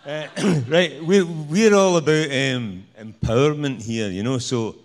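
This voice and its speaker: A man's voice: on the high side, a little slow. A man with a Scottish accent giving a live stage talk with slides, rambling and joking, full of "you know". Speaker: speaker at a presentation night.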